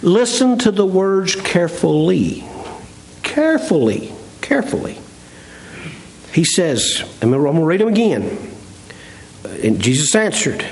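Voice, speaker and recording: A middle-aged man preaches in a high, slow, deliberate voice. He draws out his emphasized words, then rushes through folksy asides. His sermon sounds plain-spoken and down to earth. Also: darkish tone, poor audio.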